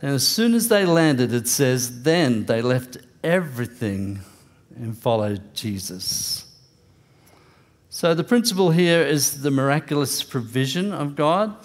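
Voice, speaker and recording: A man's voice: medium pitch, animated, unhurried. A man preaching a sermon in an earnest, conversational way with touches of light humor. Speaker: pastor. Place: church.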